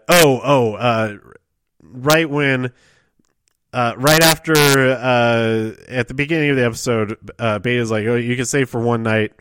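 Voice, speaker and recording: A man's voice: medium pitch, a bit bright. A young man hosting a casual solo podcast recapping TV episodes, rambling and often trailing off to restart his sentences. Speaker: podcast host.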